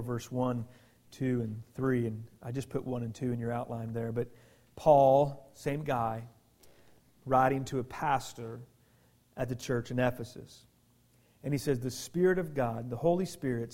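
A man preaching a sermon as pastor, emphatic, often restarting and repeating words, swinging from loud bursts to near-whispers. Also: mid-range voice.

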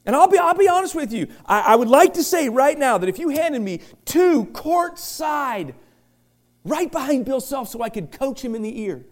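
A middle-aged male pastor preaching a sermon, chatty and joking, swinging from quiet asides to loud shouted bursts. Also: very high voice, very animated, normal speed. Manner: chatty, joking storyteller with many restarts.

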